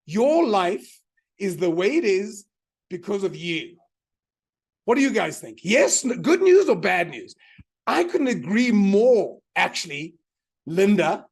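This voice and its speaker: Energetic male motivational speaker. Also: high voice, slow, vocal fry, slightly rough. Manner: energetic, repeats key lines for emphasis, invites the audience to answer in the chat. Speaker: motivational speaker and mind power teacher. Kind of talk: live online motivational seminar.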